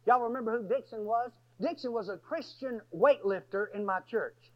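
A man telling a story in a sermon, folksy and animated, often bursting into shouts. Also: very high-pitched, normal speed. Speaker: preacher. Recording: dull lo-fi sermon recording.

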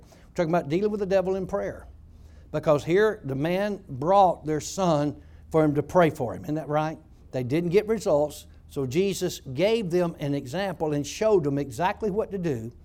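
A male pastor preaching a sermon, telling stories and building up to loud shouts. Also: a little high.

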